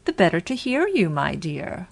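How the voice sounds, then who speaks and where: A woman voicing a big, hungry wicked wolf in a storybook reading, with loud, drawn-out lines. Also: lowish voice, huge pitch swings, vocal fry, no room sound, full character voice. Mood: menacing.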